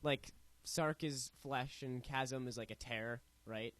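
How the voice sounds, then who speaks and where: A man on a casual panel show who takes a lecturing tone while explaining word origins. His voice sits at an ordinary pitch for a man and is recorded dry and close. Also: slow, a bit bright, no echo.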